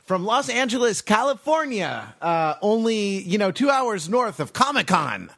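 Lively, playful male podcast host. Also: high-pitched, a little slow, gravelly, dry recording. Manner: rambling, playful, many fillers. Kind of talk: casual podcast banter.

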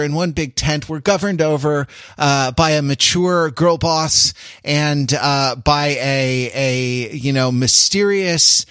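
A man's voice: fairly high pitch, a bit bright, smooth, no room sound, studio quality. Rambling, joking male podcast host. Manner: rambling and jokey, many fillers and restarts. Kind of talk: casual chat.

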